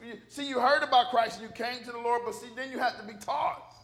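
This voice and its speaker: A man's voice: very high-pitched, fairly even intonation, quick pace, fairly bright tone. A man preaching a sermon in a church, emphatic and joking, driving call-and-response with the congregation. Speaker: pastor.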